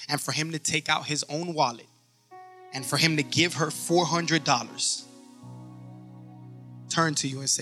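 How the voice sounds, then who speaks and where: Bright, forceful preaching man. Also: fairly high pitch, steady tone, brisk, soft background music. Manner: emphatic preaching, acts out stories. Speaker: pastor. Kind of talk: sermon.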